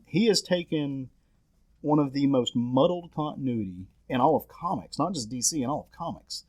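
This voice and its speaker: A man's voice: mid-range voice, lively intonation, moderate pace, darkish tone. A man hosting a casual podcast chat about comics, enthusiastic and prone to restarts. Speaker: podcast host leading the discussion.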